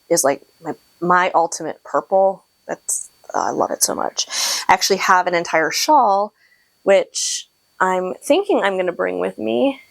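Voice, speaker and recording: A woman's voice: fairly low pitch, creaky, no room sound. A woman in her thirties hosting a knitting podcast, talking in a rambling, chatty way with frequent laughs and restarted sentences, close to her microphone. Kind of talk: casual chat to camera.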